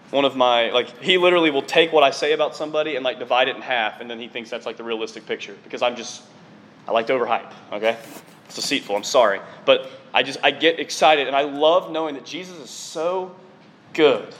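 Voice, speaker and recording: A man preaching a sermon to his congregation in an excitable, conversational way, often dropping in casual fillers. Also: medium pitch. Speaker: preacher on staff.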